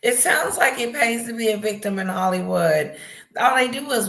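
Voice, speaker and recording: A woman's voice: medium pitch, lively intonation, moderate pace, gravelly, a bit bright. A woman hosting a casual livestream, reading viewer comments aloud, greeting chatters by name and reacting to them. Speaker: livestream host reading chat. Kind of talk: casual live chat commentary. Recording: echoey room.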